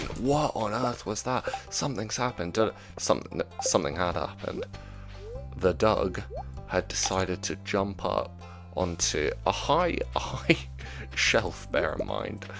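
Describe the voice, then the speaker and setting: A man hosting a gaming channel, telling rambling, chatty stories with plenty of fillers in relaxed commentary meant for sleep. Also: low voice, vocal fry, rough recording. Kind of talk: relaxed commentary over gameplay, made for sleep. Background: music.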